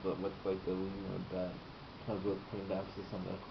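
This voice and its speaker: A low-voiced man, a student, asks questions in halting, broken phrases. His voice carries an echoey room, a muffled sound and clear background noise. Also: completely flat delivery.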